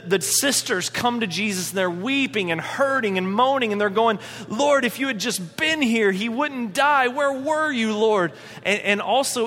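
A man delivers a lively sermon, his voice pitched high and bright. He slips in and out of quoted voices as he talks. The sound carries a long reverb from a large church hall. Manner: animated, acts out quoted voices. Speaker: pastor.

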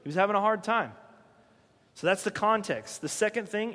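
A man's voice: a little high, a little fast, a bit bright. Guy preaching a sermon, conversational, lots of questions, big hall reverb. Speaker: pastor.

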